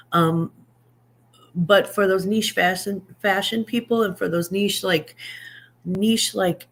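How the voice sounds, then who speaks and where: A woman in her fifties hosting a casual livestream, chatting, joking at her own expense and answering viewer comments as she reads them aloud. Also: on the low side. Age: 50s. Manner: self-deprecating and joking. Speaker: livestream host. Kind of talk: casual live chat.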